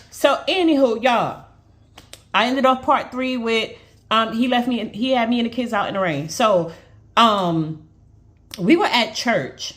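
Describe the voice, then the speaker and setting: A woman's voice: fairly high pitch, measured pace. Chatty New woman telling a story. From Brooklyn, New York. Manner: animated, chatty, addresses viewers as y'all. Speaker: storyteller on social video. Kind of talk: casual storytime vlog.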